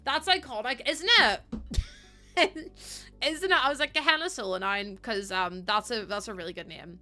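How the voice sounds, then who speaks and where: Bright chatty woman streamer. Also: mid-range voice, normal speed, faint music behind. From Ireland. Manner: chatty, laughs often, talks to chat. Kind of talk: casual live-stream chat.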